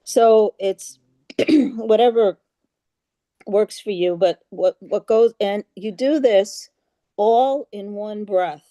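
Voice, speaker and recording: A woman leading a group meditation over a video call, patient and halting, with many fillers, chanting mantras in a steady monotone. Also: mid-range voice, no echo. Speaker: yoga class leader.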